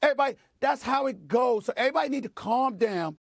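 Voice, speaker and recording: A man with a very high, strained voice holds forth on a sports show. He is emphatic, and he trips over and repeats words as he pushes ahead. The sound is dry and close. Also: expressive, fast, gravelly, no room sound. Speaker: sports commentator. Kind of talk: televised sports talk.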